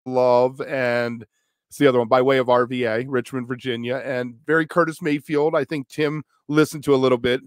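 A man's voice: mid-range voice, little pitch movement, moderate pace, dry recording, studio quality. Man with a Baltimore accent. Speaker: podcast co-host. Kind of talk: casual chat.

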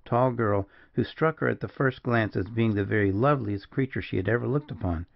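A man's voice: medium pitch, creaky, muffled recording. Man narrating a classic audiobook. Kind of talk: scripted narration.

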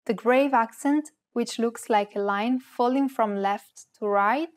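A woman co-hosting a beginner language lesson, reading her parts clearly and carefully. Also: on the high side, unhurried. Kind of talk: scripted lesson with example words.

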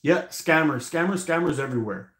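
A man's voice: fairly high pitch, lively intonation, a little fast, a bit bright. Rambling man chatting in an echoey room. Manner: rambling, laughs often, swears freely. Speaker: live-stream host. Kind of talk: casual live-stream chat.

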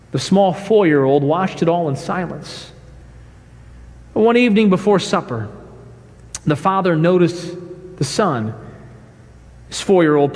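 A man preaching a sermon as pastor, emphatic, swinging from shouts to hushed, quiet lines. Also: high voice, in a large hall. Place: church sanctuary.

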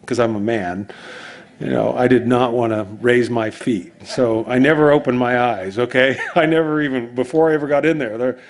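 A man's voice: medium pitch, normal speed. A man preaching as pastor, in a rambling conversational sermon full of asides and restarts.

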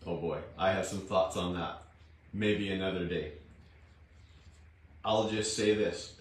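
A man hosting a devotional Bible reading, talking in a homely, plain-spoken way with a slightly rough morning voice. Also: fairly low pitch. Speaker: devotional host and Bible reader. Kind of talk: slow, unhurried devotional talk. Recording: very echoey room, distant mic, faint guitar.

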